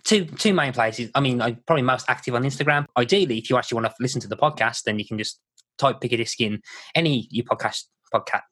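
A man's voice: medium pitch, fast talker, pushed and bright, husky, dry recording. A man from the Black Country with a Black Country English accent, chatting as a podcast guest in a rambling way with lots of fillers. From Walsall, Black Country, England. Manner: rambling, many fillers and restarts. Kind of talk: casual chat.

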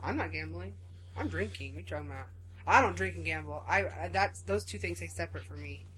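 A woman's voice: fairly low pitch, quick pace, a bit bright. A woman in her thirties chatting casually and animatedly, full of "like" fillers. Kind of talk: casual chat.

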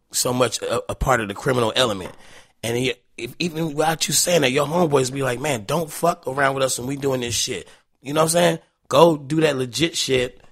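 A man's voice: mid-range voice, fairly bright tone, no echo, clean studio sound. A man guest telling casual, profane stories with frequent laughs. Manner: loose, profane, laughing anecdotes. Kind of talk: casual storytelling.

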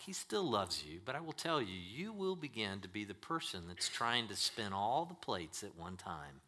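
A pastor preaching a sermon in a church, emphatic and swinging between loud declarations and hushed asides. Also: male voice, medium pitch.

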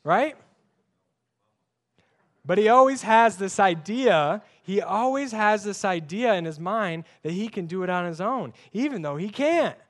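A young male pastor with a high voice delivers a sermon in a conversational, emphatic way. He leans on rhetorical questions and keeps the tone informal. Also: animated, normal speed, hardly any pauses, fairly bright tone.

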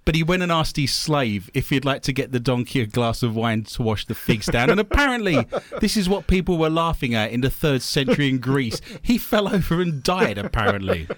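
A man's voice: medium pitch, big pitch swings, brisk, few pauses, dry recording. A man hosting a comedy quiz show and reading listener mail, with a dry joking delivery and laughing at his own gags.

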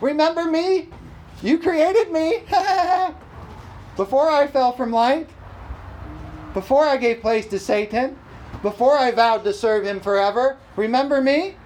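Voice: sits high, slow pace, darkish tone, a little hiss or hum, pitched above the performer's own voice, low-quality recording. A preacher putting on a whining, pleading devil. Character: pleading fallen devil, whiny and self-pitying. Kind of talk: sermon with acted quotes.

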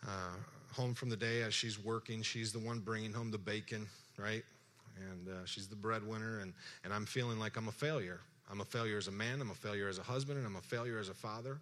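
A man with a fairly low voice and a bright, forceful edge tells his story in a sermon-style personal testimony. He speaks earnestly and emphatically, with lively storytelling. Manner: animated storytelling, acts out dialogue, laughs often.

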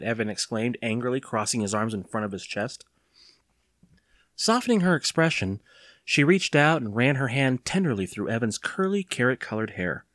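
A man reading a children's horror novel aloud, with casual asides and fillers before steady narration. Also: medium pitch, normal speed, dry recording, clean studio sound. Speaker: reader.

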